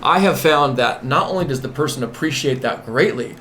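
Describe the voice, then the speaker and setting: A man being interviewed as a nurse manager and executive coach, talking in an emphatic, repetitive, animated way. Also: medium pitch, a little fast, slight background noise.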